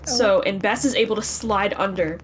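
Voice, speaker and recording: A woman running a tabletop game as game master, slow and halting, thinking aloud. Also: medium pitch, a little hiss or hum, rough recording.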